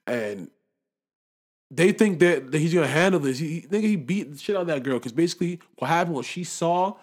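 Animated young man in slangy chat. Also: brisk. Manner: animated, slangy, swings from loud to low. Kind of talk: casual chat.

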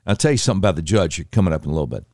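A man's voice: low voice, lively intonation, racing, darkish tone, no room sound, studio quality. A man hosting a casual news commentary show, reading articles with sarcastic asides and self-corrections.

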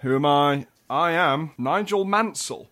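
A man's voice: on the high side, a little slow, a bit bright. A man co-hosting a casual comedy chat with a dry, wry delivery. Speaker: podcast host.

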